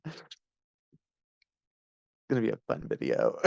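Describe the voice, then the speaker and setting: A man's voice: measured pace, darkish tone, dry recording, dull audio. A man co-hosting a podcast, chatting casually and laughing along with short reactions. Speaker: podcast co-host. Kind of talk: casual chat.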